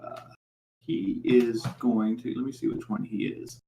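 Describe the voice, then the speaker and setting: A man narrating as game master for a tabletop game, in a halting style full of fillers. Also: medium pitch, steady tone, vocal fry, mellow, echoey room.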